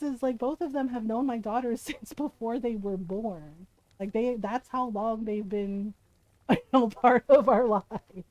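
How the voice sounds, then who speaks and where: A woman's voice: high-pitched, mellow, no echo, low-quality recording. A middle-aged woman streaming, telling stories in casual chat and laughing often as she talks. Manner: chatty storyteller, laughs often.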